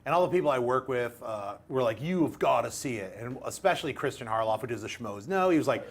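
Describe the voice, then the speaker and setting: A man co-hosting a casual panel chat, excitable and laughing often. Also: mid-range voice, quick pace, few pauses, a little hiss or hum. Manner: excitable, laughs often, does silly voices. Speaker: co-host.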